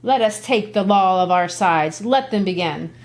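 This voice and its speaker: A woman's voice: medium pitch, animated, close to an everyday voice. A woman reading a brash young servant looking for a fight. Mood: swaggering. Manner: slow, deliberate read-aloud of old verse. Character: quarrelsome young male servant spoiling for a fight.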